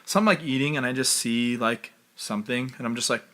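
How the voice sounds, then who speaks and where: Guy with a bright voice rambling thru a story, lots of "like"s. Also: medium pitch, a little fast. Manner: rambling storyteller, many fillers, swearing. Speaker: podcast co-host. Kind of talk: casual chat.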